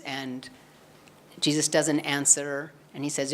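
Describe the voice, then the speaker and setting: Low-voiced woman giving a spiritual talk. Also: little pitch movement, takes it slowly, a bit bright. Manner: earnest storyteller, acts out quoted lines. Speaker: satsang speaker. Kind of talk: spiritual talk retelling a gospel story.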